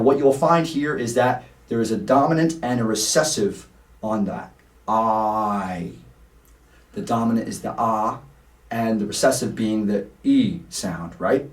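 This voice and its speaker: A man teaching a singing lesson, explaining vowels patiently and singing short vowel examples. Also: fairly low pitch. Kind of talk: vocal lesson. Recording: roomy sound, mic at a distance.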